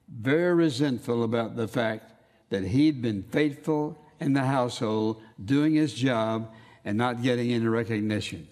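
A man preaching a sermon, reading scripture aloud and stressing key words with slow emphasis. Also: mid-range voice, expressive, a little mellow. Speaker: pastor. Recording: long hall reverb.

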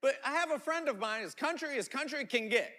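A man preaching a sermon as pastor, telling animated stories and often repeating his words. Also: very high voice, fairly quick.

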